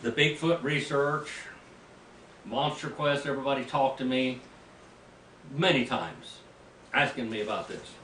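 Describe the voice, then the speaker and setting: An older man, a pastor, preaching a sermon as an animated, folksy story with sudden loud bursts. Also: mid-range voice, a little slow, pauses often. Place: mission field, preaching to a group. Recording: roomy, distant mic with faint ambient noise.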